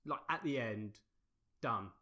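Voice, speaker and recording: A man's voice: mid-range voice, lively intonation, slow pace, bright, forceful tone. A man co-hosting a casual podcast, eagerly running through the news and teasing his friend. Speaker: podcast co-host. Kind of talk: casual chat.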